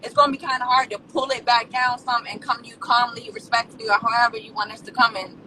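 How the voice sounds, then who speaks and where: A woman's voice: a little high, little pitch movement, quick pace. Earnest woman on a distant mic. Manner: frank, personal, earnest. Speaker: caller. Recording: distant mic with faint noise.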